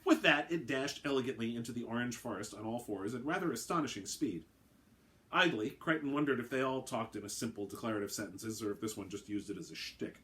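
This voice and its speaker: A man narrating his own story aloud in a brisk, wry way. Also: on the low side, animated, fairly bright tone.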